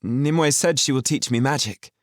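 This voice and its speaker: A man voicing an eager young girl in an audiobook, pleading and high. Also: normal speed, no echo, studio quality, lightly acted.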